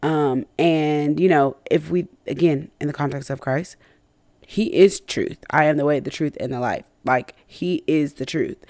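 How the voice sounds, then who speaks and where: With a low, mellow voice and a measured pace, a woman shares candid reflections on her faith podcast. She fills her talk with fillers, restarts and self-conscious little laughs between thoughts. No echo can be heard.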